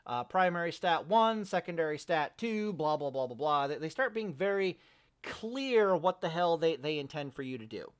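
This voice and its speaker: A man's voice: a little high, expressive, moderate pace, clean tone. A man ranting in a casual home-recorded monologue, profane and rambling, often restarting his sentences. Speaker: gaming vlogger. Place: home near a kitchen.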